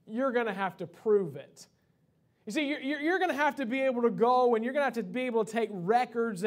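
High-voiced preacher giving a sermon. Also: male voice. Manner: conversational preaching with many fillers and restarts. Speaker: pastor. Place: church sanctuary.

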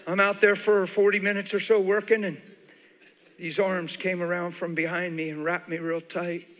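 A man's voice: high-pitched, normal speed, a little hiss or hum. A man preaching a sermon to a church, telling a personal story with a lot of animation, laughter and tears in his voice. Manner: animated, laughing and crying as he tells stories. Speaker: guest preacher. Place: large church auditorium. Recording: live sermon with long hall reverb.

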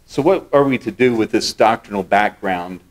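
A man's voice: on the low side, normal speed. Emphatic male pastor preaching a sermon. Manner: emphatic, repeats key words for stress; teaching, explains scripture step by step.

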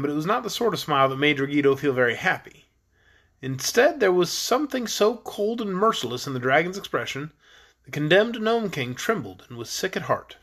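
A man narrating a children's fantasy book in a steady storytelling manner. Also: a little high. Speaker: audiobook narrator. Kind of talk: storybook reading.

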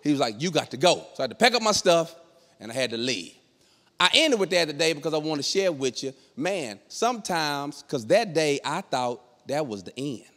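With a voice on the high side and a moderate pace, a middle-aged comedian performs a storytelling stand-up bit on stage. He's animated, impersonating the people in his funny story, and a long reverb tail follows his words.

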